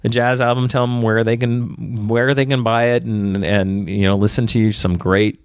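A man's voice: medium pitch, little pitch movement, normal speed, smooth, dry recording, clean studio sound. A man hosting a podcast, talking casually with many fillers and restarts. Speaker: podcast host.

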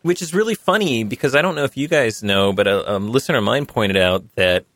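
A man with a mid-range voice talks fairly quickly, with no echo, while hosting a casual tech podcast. He reads a sponsor spot in a relaxed, conversational way and chats freely with his guests.

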